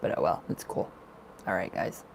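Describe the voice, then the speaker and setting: A man's voice: moderate pace, a little hiss or hum, rough recording. A man hosting a casual tarot livestream, chatty and laughing often as he talks to viewers.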